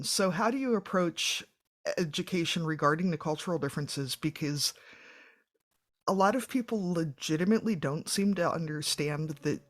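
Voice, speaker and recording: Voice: mid-range voice, normal speed. A podcast host in casual interview chat, asking thoughtful, conversational questions.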